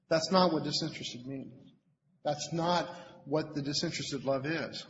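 A man giving an informal sermon as a lay preacher at a Bible study meeting, conversational and halting, often repeating words as he searches for them. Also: on the high side. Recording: lo-fi with long hall reverb, faint noise.

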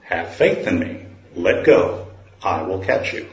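A preacher voicing a calm, deep divine voice from above that speaks slowly and soothingly. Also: male voice, heavily acted. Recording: roomy, dull sound.

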